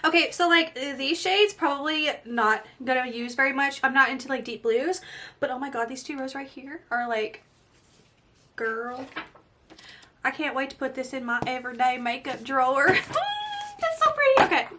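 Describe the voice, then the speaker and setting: Bright high-voiced excitable woman vlogger. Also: moderate pace, slight background noise. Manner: gushing, excitable, often breaks into soft exclamations. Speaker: beauty vlogger. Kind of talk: casual unboxing vlog.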